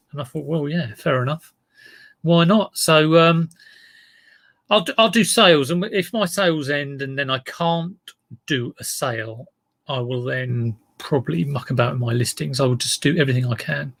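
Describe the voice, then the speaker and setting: An online reseller streaming live chats casually into a desk mic in front of him, greeting viewers by name and wandering into rambling asides. His voice is a little high, creaky and fairly bright, at a moderate pace, with no echo.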